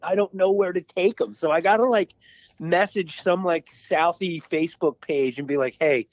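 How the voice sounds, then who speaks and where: A man with a fairly high voice chats loosely on a podcast, telling stories and swearing here and there. The sound is dry and a bit dull, recorded close. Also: normal speed, dry recording. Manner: swearing, storytelling. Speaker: podcast co-host. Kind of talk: casual chat.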